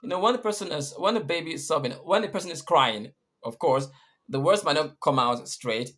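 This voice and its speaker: A man's voice: a little high, a little fast, a bit bright. A man teaching English punctuation, patiently repeating and rephrasing each point. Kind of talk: explaining punctuation rules.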